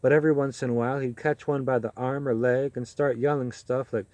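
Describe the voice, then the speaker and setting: Brief: a man playing a jaded male reporter, gruff and matter-of-fact, mellow timbre, dry recording. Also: mid-range voice, steady tone, brisk, dry recording, natural voice. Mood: gossiping. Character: weary, cynical male campaign reporter.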